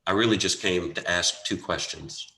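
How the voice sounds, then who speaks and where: A man giving a motivational talk, telling a personal story earnestly with dramatic pauses and rising emphasis. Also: low-pitched, gravelly, pushed and bright. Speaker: motivational speaker. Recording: echoey room.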